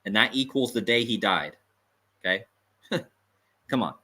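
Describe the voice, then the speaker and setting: Male livestream host, bright edgy tone, emphatic and repetitive, chuckling asides. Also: lowish voice, lively intonation, unhurried, breathy edge. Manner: conspiratorial, emphatic, repeats points, chuckles. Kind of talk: livestream commentary.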